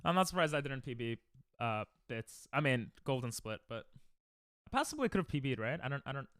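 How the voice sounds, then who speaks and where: A very animated young man, talking fairly quickly in a mid-range, slightly bright voice, chats casually with his livestream audience while speedrunning. The audio is clean studio sound with no echo. He tends to ramble, put himself down and begin sentences again.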